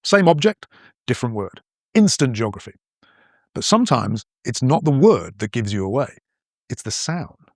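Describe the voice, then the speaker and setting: A man's voice: mid-range voice, very animated, moderate pace, pauses often, dry recording. Guy from northern england, faint northern accent left, narrating a language podcast, bouncy up and down voice, dry close mic. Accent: softened northern English. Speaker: podcast host. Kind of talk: scripted educational narration.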